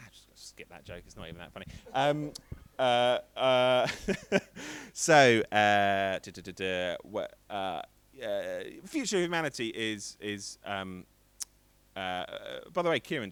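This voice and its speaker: A man's voice: on the low side, smooth, dry recording. A man in his thirties doing a rambling, self-deprecating stand-up set on a stream. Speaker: stand-up comedian.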